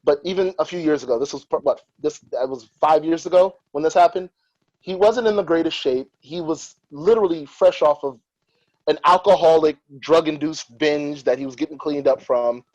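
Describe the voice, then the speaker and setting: A man's voice: fairly high pitch, moderate pace, darkish tone, muffled recording. A man hosting a podcast, in casual chat, telling stories with animation and strong opinions. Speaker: podcast host.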